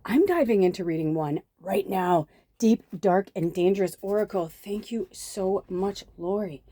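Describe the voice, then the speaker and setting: A woman's voice: mid-range voice, expressive, measured pace, warm tone, no room sound. Chatty woman reading tarot cards. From south suburbs of Chicago. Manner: chatty, easily distracted, breaks into whispers. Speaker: tarot reader and medium. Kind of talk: casual spiritual card reading.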